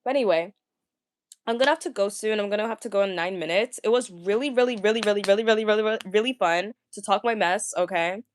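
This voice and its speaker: A young woman talking casually, ranting to viewers, stammering and repeating words, with a fairly deep voice for a woman. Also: fast talker. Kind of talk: casual rant.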